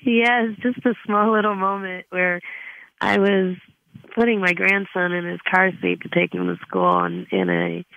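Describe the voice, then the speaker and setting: An older woman, an author and grandmother, answering interview questions in a halting way, with restarts and soft laughs. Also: mid-range voice, lively intonation, no room sound, narrow, tinny audio. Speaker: author guest.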